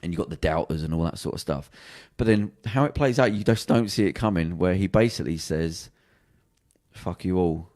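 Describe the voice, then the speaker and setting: An English podcast co-host with a low voice talks fast, retelling a TV plot in casual conversation. He rambles animatedly, acting out quotes and restarting his sentences.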